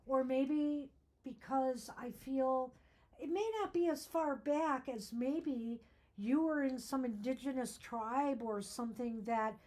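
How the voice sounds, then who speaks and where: A woman co-hosting a tarot broadcast. She reads card meanings aloud and explains them earnestly, with her voice getting hoarse. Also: high-pitched, takes it slowly, dark tone. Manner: earnest, explanatory, reflective asides. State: losing her voice. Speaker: tarot reader and co-host.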